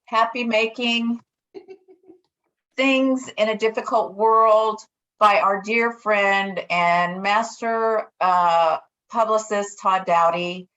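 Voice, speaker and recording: A woman hosting a virtual book event over a video call, speaking haltingly with many fillers. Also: medium pitch, steady tone, fairly bright tone. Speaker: host. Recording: dull lo-fi video-call audio.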